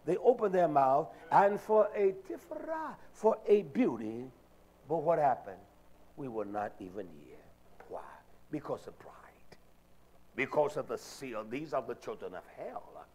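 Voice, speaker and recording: An older man preaching a sermon, animated and acting out the voices of people he quotes. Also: sits high.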